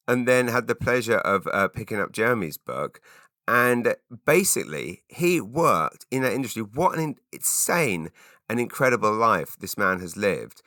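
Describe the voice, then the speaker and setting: A man's voice: fairly low pitch, big pitch swings, normal speed, sharp tone, no room sound, clean studio sound. A man in his forties hosting a solo podcast, chatting casually and rambling with lots of fillers and restarts. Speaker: podcast host.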